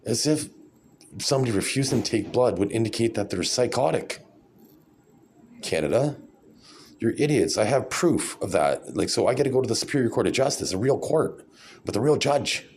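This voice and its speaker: A man's voice: medium pitch, lively intonation, normal speed, a little mellow, slight background noise. A man in his forties talking in a rambling, sarcastic, blunt casual vlog rant. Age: 40s. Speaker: vlogger.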